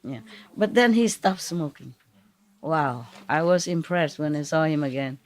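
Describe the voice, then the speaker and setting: A woman's voice: low-pitched, animated, a little slow, darkish tone. Woman telling rambling anecdotes in broken English. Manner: rambling, non-native English with dropped grammar and frequent fillers. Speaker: spiritual teacher. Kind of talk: informal storytelling talk to a gathering.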